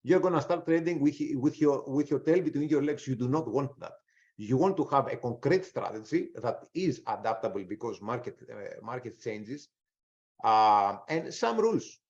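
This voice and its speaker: A man's voice: mid-range voice, expressive, normal speed, a little mellow. Rambling man giving a webinar talk. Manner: rambling, frequent restarts and fillers. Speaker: webinar presenter, trader. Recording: slightly dull, lo-fi webinar audio.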